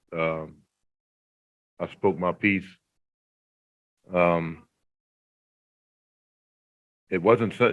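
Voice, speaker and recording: Deep, flat-voiced man in his fifties, hesitant, over a tinny prison line. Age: 50s. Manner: halting, hesitant, polite. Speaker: parole applicant. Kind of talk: answering questions at a hearing. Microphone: remote audio link from a prison. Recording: tinny phone-like remote line.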